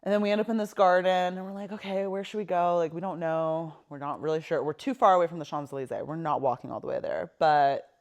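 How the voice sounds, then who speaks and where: A woman co-hosting a podcast, recounting a trip in relaxed casual chat. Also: on the low side, fast talker, hardly any pauses. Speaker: podcast co-host.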